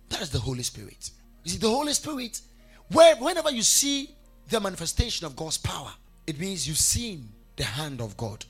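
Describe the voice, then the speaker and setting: A man's voice: wildly swooping pitch, normal speed, husky, faint music behind. A man preaching a sermon with emphasis, urging his congregation to repeat lines after him. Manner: emphatic, rises to fervent shouts and drops low. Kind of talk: sermon with congregation call-and-response.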